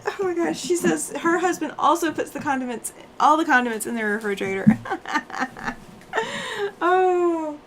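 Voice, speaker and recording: A woman's voice: mid-range voice, fairly bright tone, slight background noise. A woman hosting a quilting livestream, chatting casually and laughing often while she sews and reads out viewer comments; she sounds tired after road travel.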